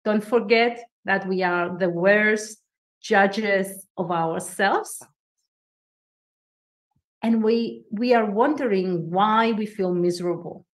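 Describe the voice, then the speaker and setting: A woman speaking with a foreign accent as a guest coach in a podcast interview, animated and emphatic, laughing often. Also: medium pitch, slow pace.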